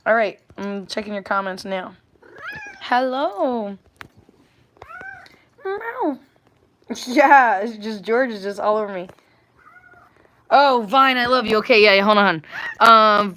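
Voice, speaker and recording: A woman's voice: fairly high pitch, pushed and bright. A woman hosting a casual live chat from her phone, rambling and playful as she reads comments, first in a car and then at home. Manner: rambling, playful, drifts between topics. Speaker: livestream host.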